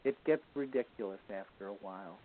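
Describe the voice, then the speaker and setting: A man's voice: lowish voice, a little fast, a little hiss or hum. A man, a guest on a show, telling anecdotes in a casual way and chuckling now and then. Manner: chuckles while telling stories. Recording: tinny phone-like line.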